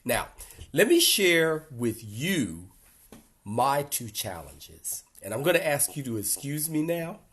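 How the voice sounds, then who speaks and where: A husky older man guides a support group through a reflective workshop at a steady pace. His voice sits in an ordinary middle register. He talks earnestly and gently, with pauses and touches of emotion. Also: mid-range voice. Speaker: speaker leading a support group talk.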